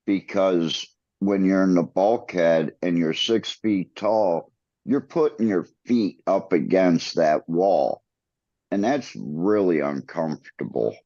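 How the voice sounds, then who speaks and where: A man's voice: low-pitched, warm tone, dry recording. A man co-hosting a podcast, explaining things at length in casual chat. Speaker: podcast co-host. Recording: dull dry lo-fi sound.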